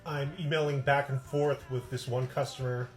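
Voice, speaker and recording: A middle-aged man who runs a record label, telling deadpan comic stories about customer service emails and reading them aloud in a dry, exasperated way. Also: mid-range voice, normal speed, soft background music. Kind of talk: deadpan comic storytelling to camera.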